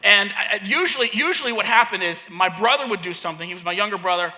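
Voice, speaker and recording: A man who is a pastor and a parent, preaching a sermon and acting out a childhood story with lively energy. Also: sits high, quick pace. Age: young adult to middle-aged, a parent. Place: church hall. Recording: long hall reverb.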